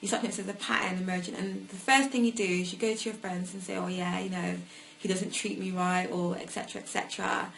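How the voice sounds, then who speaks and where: A young woman, sharing her personal story haltingly, with many fillers and restarts. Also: mid-range voice, fairly even intonation, gravelly, a bit bright, poor audio. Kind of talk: personal testimony.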